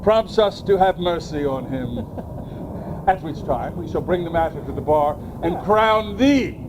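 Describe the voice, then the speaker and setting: A man's voice: a little high, expressive, measured pace, noisy background. A man playing a jovial, scheming knight in an outdoor stage play, laughing as he plots. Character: jovial drunken knight Sir Toby. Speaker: community theatre actor.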